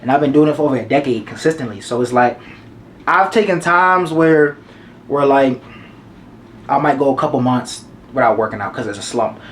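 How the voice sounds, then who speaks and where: A man's voice: mid-range voice, moderate pace, a little hiss or hum. A man in his twenties giving life advice to the camera in a casual, slangy way, repeating his points for emphasis. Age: 20s.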